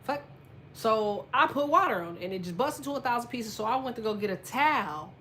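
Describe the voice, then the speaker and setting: A woman's voice: on the high side, brisk, slight background noise. Blunt, foul-mouthed woman telling a story. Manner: profane, blunt, swears constantly; lively storyteller, quietens when telling sad parts. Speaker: astrology content creator. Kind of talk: casual storytelling monologue.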